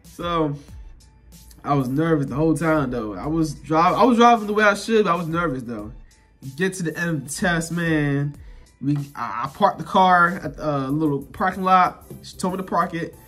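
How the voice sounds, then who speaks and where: A young man with a slightly high voice chats straight to his viewers, relaxed and slangy, circling back over the same points as he tells his story. Faint music plays underneath. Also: normal speed. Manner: relaxed slangy talk, repeats himself, addresses viewers directly. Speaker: vlogger. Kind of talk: casual storytelling to camera.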